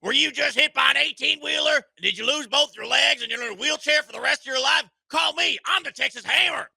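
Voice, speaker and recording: A man voicing a brash injury lawyer from a television ad, shouting a hard sell. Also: very high-pitched, fairly quick, gravelly, no room sound, pitched above the performer's own voice, exaggerated voice.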